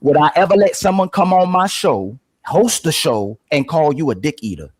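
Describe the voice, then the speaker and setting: A man's voice: on the high side, animated, moderate pace, breathy edge, dry recording. A man on a podcast panel, confrontationally repeating his questions. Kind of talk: heated panel argument.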